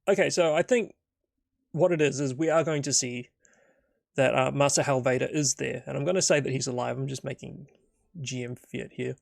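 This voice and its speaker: A man's voice: medium pitch, steady tone, moderate pace, vocal fry, no room sound, clean studio sound. A man narrating and improvising a solo tabletop game, rambling and thinking aloud with many fillers.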